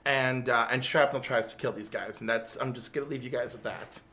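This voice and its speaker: A man's voice: medium pitch, a little fast. A man co-hosting a casual chat, telling stories animatedly with many fillers. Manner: animated storyteller, full of "like". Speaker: co-host. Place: game store.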